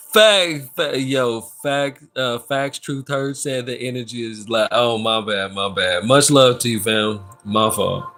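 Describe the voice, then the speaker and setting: A man's voice: on the low side, steady tone, unhurried, few pauses. Laid-back man doing tarot readings live. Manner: laid-back and slangy, reads out chat and gives shout-outs. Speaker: tarot reader and live streamer. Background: background music.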